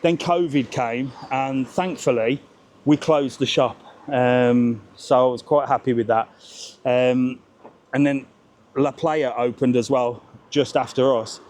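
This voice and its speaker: A man's voice: mid-range voice, fairly even intonation, slow, darkish tone. A man hosting a casual live-stream walking tour along a seaside resort street, bantering cheekily with passers-by. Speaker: travel vlogger, live-stream host.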